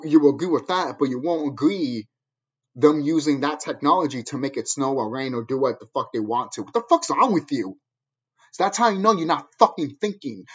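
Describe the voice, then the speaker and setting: A man's voice: a little high, slightly rough. A man ranting at viewers in a profane, angry, preachy monologue, heard on a dull lo-fi recording. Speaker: vlogger.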